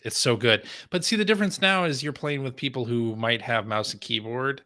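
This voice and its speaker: A man's voice: mid-range voice, fairly quick, bright, forceful tone, dry recording. A man hosting a casual gaming podcast, easygoing and self-deprecating. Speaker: podcast host. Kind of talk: casual chat.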